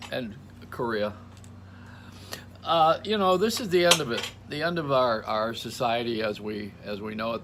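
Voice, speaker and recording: A man's voice: fairly high pitch, fairly bright tone, slight background noise. An older man hosting, talking in a rambling, joking stream-of-consciousness monologue with frequent laughs, recorded at home. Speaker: radio host. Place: home in Florida.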